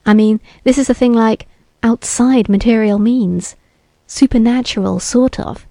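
Cool bearded beatnik guy fixing a tv, slangy and sure of himself, mellow dry voice, woman reading him. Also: fairly high pitch, measured pace, no room sound. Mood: ominous. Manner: hip slang, laid-back and self-assured. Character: bearded young male beatnik TV repairman, cocky.

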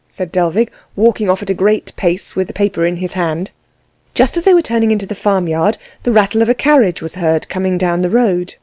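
A woman narrating a novel aloud in a measured, expressive reading. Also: mid-range voice, no room sound. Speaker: audiobook narrator.

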